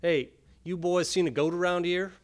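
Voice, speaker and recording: A man's voice: high-pitched, fairly even intonation, normal speed, voice pushed up, natural voice. A man voicing a rustic old farmer in a poem, with a rural drawl. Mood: folksy.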